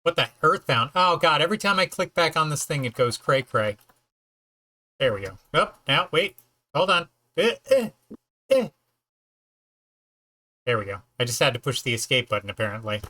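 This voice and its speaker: A man's voice: medium pitch, expressive, brisk, bright, forceful tone. A man streaming a game, chatting casually, joking and rambling as he plays. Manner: joking, rambling, puts on silly voices. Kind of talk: casual let's-play chat.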